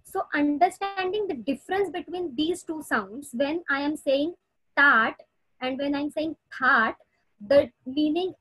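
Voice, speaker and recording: High-voiced woman explaining on a call. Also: moderate pace, few pauses, no room sound, poor audio. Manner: explanatory, many hesitations. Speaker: audiologist speaker. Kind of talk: webinar explanation.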